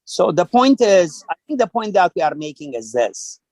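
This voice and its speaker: A man with a slightly raised pitch talks in a loose, rambling way, leaning on fillers as he works toward his point. The sound is dry and close, with no room around it. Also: big pitch swings, normal speed, darkish tone, dry recording, rough recording. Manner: rambling, hesitant, many fillers. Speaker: program coach. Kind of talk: online panel discussion.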